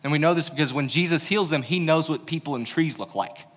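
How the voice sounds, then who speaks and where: A man's voice: fairly high pitch, fast, fairly bright tone. A man preaching a casual, conversational sermon, telling stories with informal humorous asides. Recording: long reverb of a large hall.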